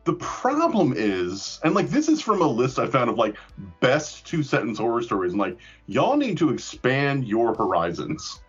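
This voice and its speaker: A man's voice: medium pitch, wildly swooping pitch, normal speed, few pauses, husky, faint music behind. A man in casual chat, rambling with fillers and casual swearing. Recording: dull lo-fi recording.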